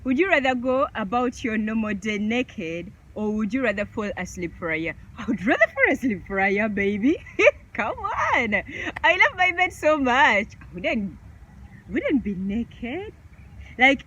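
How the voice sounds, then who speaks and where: A woman's voice: fairly high pitch, fairly bright tone, muffled recording. A woman vlogger chatting casually through a question game, laughing often.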